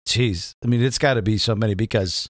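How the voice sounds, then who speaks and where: A middle-aged man hosting his own show as a comedian and impressionist, talking in a chatty, self-mocking ramble full of quick asides. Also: fairly low pitch, no room sound, studio quality. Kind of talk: casual rambling monologue.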